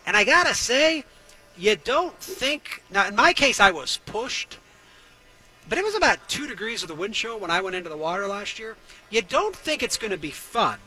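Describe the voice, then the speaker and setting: A man's voice: high voice, bright, forceful tone, low-quality recording. A man hosting a talk show, ranting sarcastically and riffing for laughs. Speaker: radio show host. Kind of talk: comedic talk-show rant.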